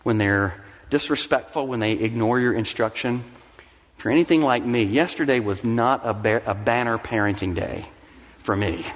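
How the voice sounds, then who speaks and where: In a church sanctuary, a middle-aged male pastor preaches a sermon at normal speed, swinging from soft, low asides to rising, emphatic declarations. His voice carries a long reverb tail.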